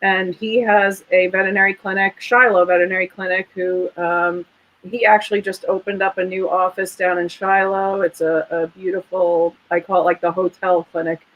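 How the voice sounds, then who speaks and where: A woman's voice: fairly low pitch, little pitch movement, moderate pace, lo-fi sound. Chatty woman veterinarian, interview guest. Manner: chatty, earnest, proud of her family. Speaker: guest, veterinarian and clinic owner. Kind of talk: casual interview chat.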